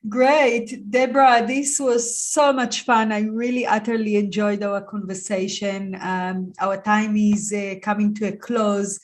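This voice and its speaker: Podcast host, woman, soft-spoken and encouraging toward her guest. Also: mid-range voice, fairly even intonation, measured pace, hardly any pauses. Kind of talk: interview wrap-up chat.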